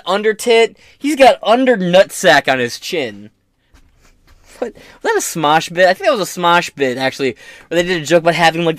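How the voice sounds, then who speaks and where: A man's voice: high voice, a bit bright, no echo, clean studio sound. A man hosting his own podcast, giving casual political commentary in a profane, joking, rambling way. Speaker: podcast host.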